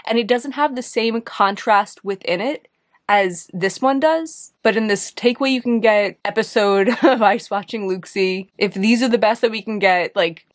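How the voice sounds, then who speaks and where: Chatty young woman with a New York accent. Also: medium pitch. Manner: chatty, hesitant, thinks aloud with many "like"s. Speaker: beauty video host. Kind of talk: casual makeup review talk.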